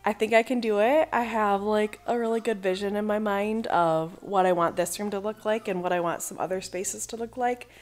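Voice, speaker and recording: A woman's voice: mid-range voice, steady tone, normal speed, hardly any pauses, darkish tone. Chatty woman vlogging from home. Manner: chatty, rambling, upbeat. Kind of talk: casual vlog chat. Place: her own living room at home.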